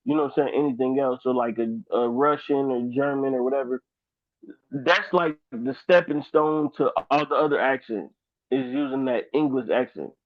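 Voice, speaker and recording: Tinny-sounding animated man, casual chat. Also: mid-range voice, no echo. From Dayton, Ohio. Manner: animated, rambling, lots of fillers. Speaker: podcast co-host. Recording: dry, tinny phone-like sound.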